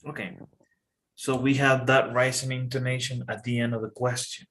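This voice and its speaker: A man's voice: medium pitch, normal speed, a little hiss or hum. Patient male English tutor. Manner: patient, relaxed teaching with frequent "okay". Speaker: online English teacher. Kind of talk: casual one-on-one lesson.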